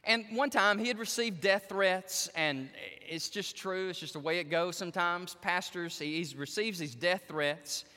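A male pastor preaching a sermon, telling stories in an animated way and speaking directly to the women listening. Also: high voice, a little slow, few pauses, in a large hall. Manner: animated storytelling, addresses the women in the audience directly.

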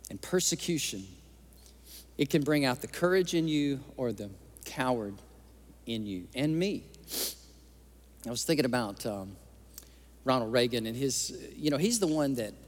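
A male pastor preaching an impassioned sermon in a church. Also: mid-range voice. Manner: impassioned preaching, tearful at times. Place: church sanctuary. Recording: long hall reverb.

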